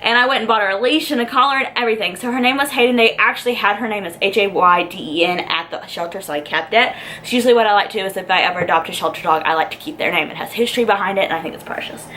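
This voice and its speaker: A woman's voice: mid-range voice, racing, few pauses, pushed and bright, slight background noise, poor audio. A young woman tells a personal story in a vlog. She rambles and fills her talk with "like" and "um". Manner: chatty and rambling, lots of "like" and "um". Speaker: vlogger.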